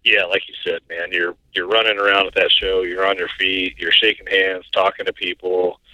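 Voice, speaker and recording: A man's voice: sits low, flat delivery, normal speed, no room sound, muffled recording. A man from Iowa co-hosting a podcast over a remote line, telling stories in an easygoing way. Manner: easygoing, storytelling. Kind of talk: casual podcast chat.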